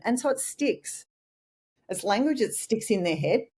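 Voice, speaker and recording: Mellow-voiced Australian woman telling lively stories. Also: fairly high pitch, measured pace, slightly rough. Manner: lively storyteller who acts out customer and collector lines. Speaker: guest, debt collection trainer. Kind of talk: podcast interview.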